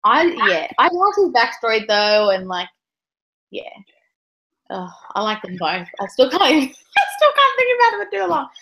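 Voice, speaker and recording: A woman's voice: fairly high pitch, sing-song, normal speed, sharp tone, poor audio. A woman co-hosting a casual book discussion over a video call, emotional and close to tears, rambling with lots of "like". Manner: emotional, tearful, rambling with many likes. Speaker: book club co-host.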